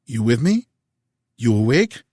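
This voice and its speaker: A man voicing a friendly, laid-back man with a smooth Californian accent and a slight Louisiana lilt, reassuring and easygoing. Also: mid-range voice, sing-song, a little slow, a little mellow, no echo, studio quality. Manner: soothing, reassuring. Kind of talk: audiobook character voice.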